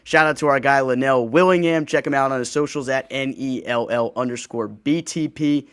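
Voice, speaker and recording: A man's voice: mid-range voice, normal speed, smooth, no room sound. Podcast host guy, easygoing and friendly, dry close sound. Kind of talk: casual sports podcast chat.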